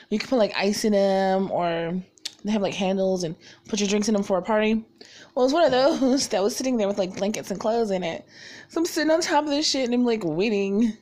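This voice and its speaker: A young woman vlogging in casual chat, blunt and animated, swearing freely and filling her talk with "like". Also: medium pitch.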